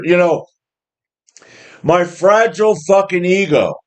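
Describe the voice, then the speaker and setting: A man's voice: sits high, lively intonation, takes it slowly. Blunt, profane man in his fifties. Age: 50s. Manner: blunt, profane and combative, with mocking put-on quotes; restarts and repeats words often. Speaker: home gym channel host. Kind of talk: casual opinion monologue.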